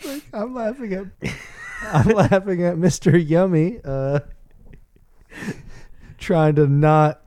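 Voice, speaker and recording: A man's voice: high voice, slow, pauses often, dark tone, no echo. A man co-hosting a podcast in casual chat, laughing and explaining himself carefully. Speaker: podcast co-host.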